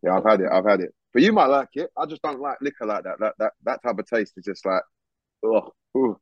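In a loose, casual interview, this guest musician speaks a little fast with a fairly low, slightly breathy voice, swearing freely and throwing in plenty of slang with lively energy. The recording is dull and dry, with no room sound.

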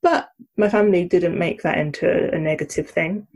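A woman's voice: lowish voice, moderate pace, darkish tone. A woman from South London, reflecting in a casual chat. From Croydon, South London. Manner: reflective, laughs now and then.

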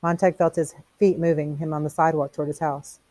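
A woman's voice: low-pitched, flat delivery, fast, dark tone, no room sound. Woman reading aloud and explaining. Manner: reads plainly, stops to explain in casual asides. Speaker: teacher reading a novel aloud. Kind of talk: read-aloud with commentary.

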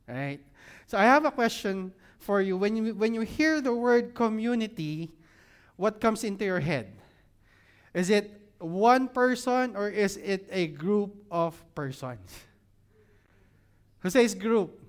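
A man's voice: sits high, lively intonation, slow, smooth. A man, serving as senior pastor, reads scripture, prays and preaches to his congregation. He asks the room question after question and repeats his key lines for emphasis. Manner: engages the audience with repeated questions; fervent prayer, often repeats "Lord God". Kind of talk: sermon with scripture reading and prayer. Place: church service room with an audience.

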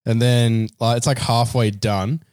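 A man's voice: medium pitch, little pitch movement, a little slow, a little mellow, smooth, no room sound, clean studio sound. A man co-hosting a podcast, telling stories in casual chat, laughing often and acting out what people said. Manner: laughs often, swears casually, acts out quotes. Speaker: podcast co-host.

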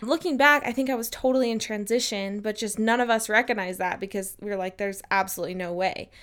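A woman in her twenties tells a personal story to camera in a casual vlog. She is chatty and upbeat and slips into animated quotes. Her voice is smooth, clear, and a touch high. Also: quick pace. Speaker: vlogger.

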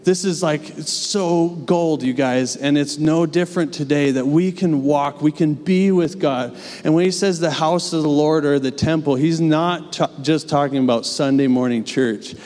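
Here a young pastor delivers a church sermon, earnest and chatty, with casual asides along the way. He sits on the high side with a darkish tone, moving at a moderate pace with few pauses, and the long church reverb trails behind him.

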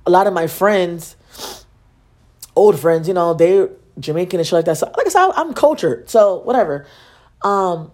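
A woman's voice: lowish voice, lively intonation, normal speed, a little mellow. A young adult woman hosting a podcast, telling stories in a casual, sarcastic, profane way and acting out the dialogue. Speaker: podcast host. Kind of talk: casual storytelling monologue.

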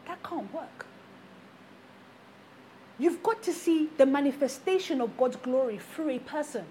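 Delivering an emphatic sermon, a female preacher repeats rhetorical questions to hammer home her points to the congregation. Her high, bright voice has lively intonation, a measured pace and long pauses, with slight background noise.

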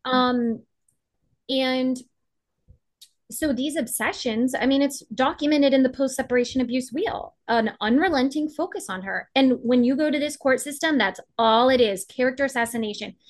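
Impassioned woman guest, slightly high voice. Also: normal speed. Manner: impassioned, emphatic, acts out quotes. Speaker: guest, advocate. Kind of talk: podcast interview.

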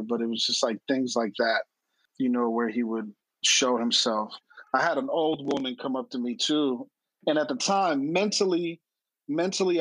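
A man's voice: mid-range voice, fairly bright tone, no echo, rough recording. A man in his late thirties, a podcast guest telling personal stories candidly, earnest and blunt, often repeating words for emphasis. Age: late 30s.

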